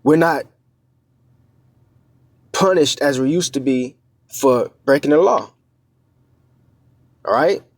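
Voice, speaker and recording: A preacher gives informal scripture teaching in a conversational, halting way, checking in with "all right?" and "man," stumbling on fillers and restarting, yet reading verses slowly and deliberately. His voice is a little high, with studio-quality sound and no room echo.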